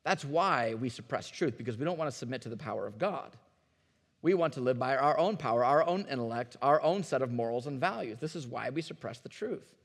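A man's voice: medium pitch, animated, a little fast, big-room sound. A man preaching a sermon as a pastor, talking to the congregation in an earnest, conversational way and often repeating his words.

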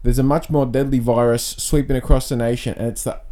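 Solo male podcast host, deadpan and rambling, mid-pitched, talking close to a podcast mic. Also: brisk. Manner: deadpan, rambling, self-mocking.

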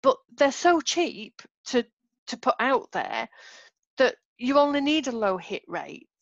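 Higher-pitched woman explaining marketing. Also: big pitch swings, unhurried, gravelly, no room sound, muffled recording. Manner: explaining, patient, laughs often. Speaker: podcast co-host, marketing expert. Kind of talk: casual chat.

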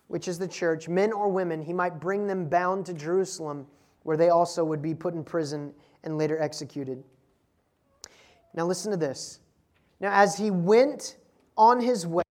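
A woman delivers a sermon with a medium-pitched voice. She drives her points home with rhetorical questions and strong emphasis. She breaks in with laughing asides to the congregation. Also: darkish tone. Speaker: preacher.

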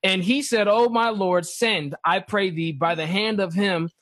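High-voiced man discussing scripture. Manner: animated, reads scripture slowly, acts out dialogue. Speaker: podcast co-host teaching scripture. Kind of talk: casual Bible discussion.

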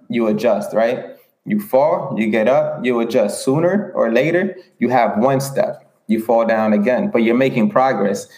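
Male motivational speaker, earnest and rhetorical, mid-pitched, recorded in an echoey room. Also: darkish tone. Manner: earnest, repetitive, rhetorical questions. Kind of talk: motivational livestream talk.

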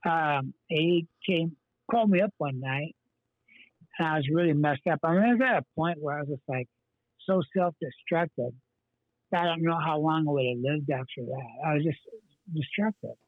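Over a tinny phone line, a pastor being interviewed as a guest earnestly recounts his life story, rambling with lots of fillers and restarts. His voice is fairly high and moderately paced, and the recording is dry.

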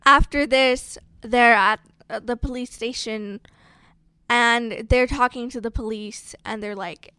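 Co-host, woman, smooth clear voice, dry sound, wry film recap chat. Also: on the high side, fairly even intonation, takes it slowly, bright, forceful tone, no echo.

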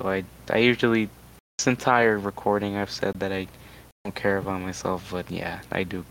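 A man's voice: low-pitched, level tone, normal speed, creaky, fairly bright tone, a little hiss or hum, poor audio. A young man hosting a casual podcast, rambling with many restarts and fillers. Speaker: podcast host. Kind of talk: casual chat.

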